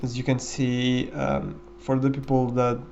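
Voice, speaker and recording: A man's voice: mid-range voice, monotone, a little slow, vocal fry, a little mellow, dull audio, slight background noise. A man giving casual, rambling commentary over a game run, with many fillers and restarts. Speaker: gameplay commentator.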